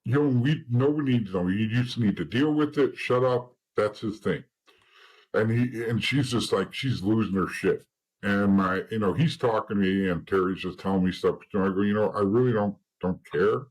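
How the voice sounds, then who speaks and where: A middle-aged man tells his story in an interview, bluntly and with plenty of swearing, slipping into the voices of people from his past. His voice sits low and sounds husky and a little rough. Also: normal speed, darkish tone, low-quality recording. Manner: blunt, profane, acts out past conversations. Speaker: interview guest, former informant.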